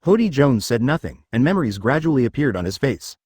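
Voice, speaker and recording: A man reading a web novel aloud as a scripted story narration, in an even storytelling manner. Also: medium pitch, fast, husky, no room sound, studio quality.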